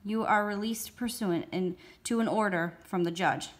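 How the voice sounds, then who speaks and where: A woman voicing a firm, urgent female lawyer who speaks with crisp, measured insistence. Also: mid-range voice, natural voice.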